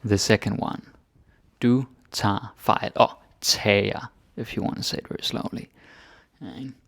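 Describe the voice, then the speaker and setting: A man teaching grammar in a relaxed, chatty way, thinking aloud with fillers. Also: fairly low pitch, normal speed, gravelly, breathy edge, no room sound. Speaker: Danish language teacher. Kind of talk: casual grammar lesson.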